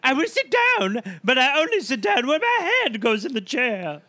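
A man's voice: extremely high pitch, wildly swooping pitch, moderate pace, bright, forceful tone, dry recording, full character voice. A man doing a babbling goofy senator. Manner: goofy, spouts nonsense sounds. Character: silly babbling male senator, nonsensical and childish.

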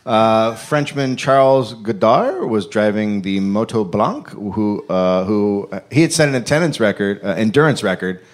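A man hosting a live comedy podcast, reading a history story from notes with many pauses and fillers. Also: lowish voice. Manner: reads notes with frequent uh and um. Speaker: podcast host. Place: live stage show.

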